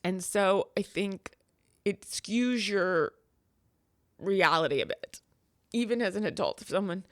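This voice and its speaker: A woman's voice: medium pitch, measured pace, long pauses, dry recording, clean studio sound. A woman guest in an interview, telling a personal family story with feeling and acting out the voices of the people in it. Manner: animated, acts out quoted voices in storytelling. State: crying at times.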